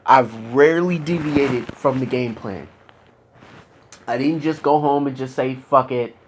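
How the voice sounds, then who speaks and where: A man's voice: mid-range voice, unhurried, slight background noise. A young man talking candidly with his therapist, frustrated and profane, his voice climbing into anger as he vents. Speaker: patient in therapy.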